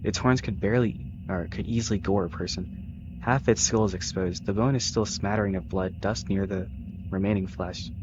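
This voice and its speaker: A man's voice: sits low, steady tone, moderate pace, dull audio, background noise. A man casually reading a visual novel aloud, stumbling over words and correcting himself. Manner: casual, self-correcting, joking asides. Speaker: let's-play reader.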